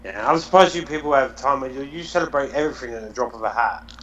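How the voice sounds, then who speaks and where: A man's voice: medium pitch, quick pace, fairly bright tone, muffled recording. A man co-hosting a casual podcast, teasing the others in a dry, mock-superior way. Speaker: podcast co-host.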